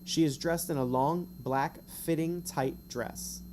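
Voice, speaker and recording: A man's voice: fairly high pitch, a little mellow, slight background noise. A man streaming, reading a gamebook aloud in a casual way, with rambling, self-mocking asides between passages. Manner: chatty, rambling asides, quick to laugh at himself.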